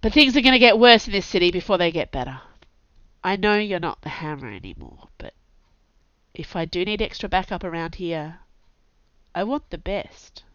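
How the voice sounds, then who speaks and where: A woman reading the part of a guarded, flat-spoken circus boss in an audiobook. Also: high-pitched, moderate pace, clean tone, dry recording. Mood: grave. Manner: flat, terse. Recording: dull lo-fi dry recording.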